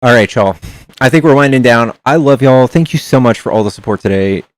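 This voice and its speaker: A man's voice: mid-range voice, a little fast, no echo. A man streaming live, chatting casually with his chat, reading aloud and swearing as he reacts.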